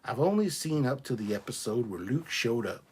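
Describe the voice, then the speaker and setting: A man's voice: medium pitch, very animated, normal speed, a little mellow, breathy edge. A man hosting a live stream, reading viewer comments aloud in a chatty, joking way. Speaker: livestream host reading chat. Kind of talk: casual live chat.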